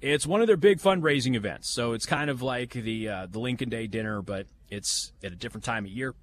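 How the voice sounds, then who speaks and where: A man's voice: medium pitch, brisk, slight background noise. A man hosting a live talk radio show from an event venue, chatting in a folksy, opinionated way with sarcastic asides. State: has the hiccups. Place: live remote broadcast from a banquet venue.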